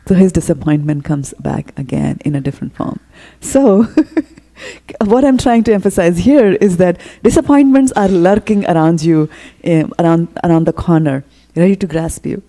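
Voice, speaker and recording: A woman delivers a storytelling sermon in a mellow, slightly low voice. She retells an old tale in an easy, conversational way, acting out the characters' lines between fillers and pauses. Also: lively intonation, big-room sound. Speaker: speaker giving a temple talk.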